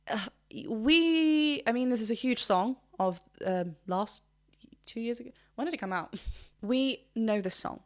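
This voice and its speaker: A woman vocal coach giving chatty, enthusiastic technical commentary in a reaction video, with frequent restarts. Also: medium pitch.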